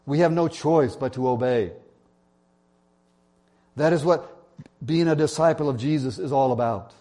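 A man's voice: a little high, a little mellow. A male pastor preaching a sermon, telling an illustrative story in an earnest way.

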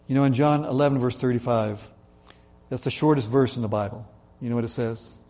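A man preaching a sermon in an earnest way, slowing down and dropping his voice to stress key points. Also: mid-range voice, fairly even intonation, mellow. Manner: earnest, slows and drops his voice for emphasis. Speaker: pastor.

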